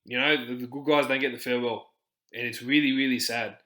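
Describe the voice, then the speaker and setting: A man's voice: medium pitch, steady tone, brisk, sharp tone, roomy sound, rough recording. A man hosting a casual sports podcast, talking passionately with many restarts. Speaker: podcast host.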